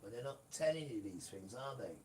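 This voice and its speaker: A man's voice: medium pitch, expressive, fairly quick, a little mellow. A man giving a rambling, emphatic live-stream monologue, often turning to his audience. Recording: distant mic with faint room noise.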